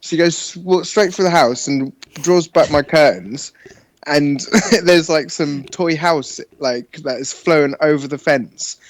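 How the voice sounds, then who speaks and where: A man's voice: fairly high pitch, slow, dry recording. A man co-hosting a gaming podcast, telling a rambling, sweary story and laughing along. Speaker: podcast co-host. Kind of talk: casual storytelling chat.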